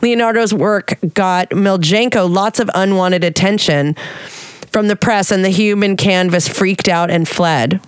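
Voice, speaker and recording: A woman's voice: medium pitch, unhurried, clear, resonant tone, dry recording. A woman co-hosting a comedy podcast, reading offbeat news stories with playful, chatty asides. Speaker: podcast co-host.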